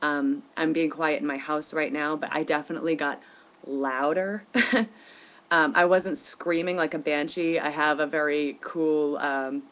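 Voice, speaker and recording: A woman vlogging at home, telling a story in an indignant, animated way with bursts of laughter. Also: low voice. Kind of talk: casual storytelling to camera. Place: at home, indoors.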